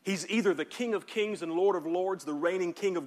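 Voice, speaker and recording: Man pastor delivering a sermon with a high voice, punchy emphasis, gets the congregation to repeat after him. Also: fairly quick, hardly any pauses, a faint crowd.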